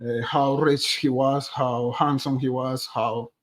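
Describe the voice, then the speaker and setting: A man's voice: medium pitch, little pitch movement, slow, slight background noise. Chatty man. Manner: chatty, addresses viewers directly as "guys". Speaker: true crime streamer. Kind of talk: live-stream commentary.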